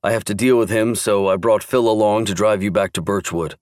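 A man's voice: fairly low pitch, fairly quick, a little mellow, no echo, clean studio sound, close to an everyday voice. A man reading the lines of a tough, protective man who gives stern, clipped orders. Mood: reassuring.

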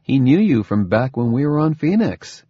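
Cool sardonic dad-scientist guy, husky, bouncy pitch, kinda muffled, narrator doing the voice. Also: sing-song, normal speed, warm tone, no echo. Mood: gentle, explaining. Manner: dry, smooth, faintly mocking. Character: calm sardonic father and scientist man.

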